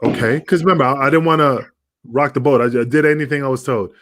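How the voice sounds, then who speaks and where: A man talking in a casual podcast chat, an animated storyteller who swears freely and keeps slipping into other voices. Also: medium pitch, quick pace. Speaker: podcast guest, wrestler.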